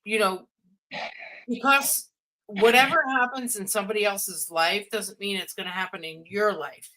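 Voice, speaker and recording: A woman on a casual podcast panel gives earnest, agreeable advice. Her voice is bright and forceful, with a tense edge, and sits at a middle pitch. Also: moderate pace, poor audio.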